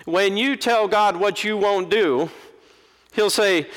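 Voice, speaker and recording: A middle-aged preacher delivers a lively sermon, pitched a little higher than most men. He acts out the people he quotes. His voice carries a long reverb from a large church. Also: slow. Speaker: Episcopal preacher.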